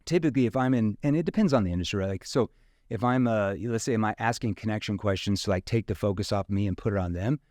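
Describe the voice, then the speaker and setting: A man's voice: lowish voice, quick pace, a little mellow, no echo, clean studio sound. A man, a sales trainer guest, explaining his method in casual interview talk, dotting sentences with "you know" and "right?".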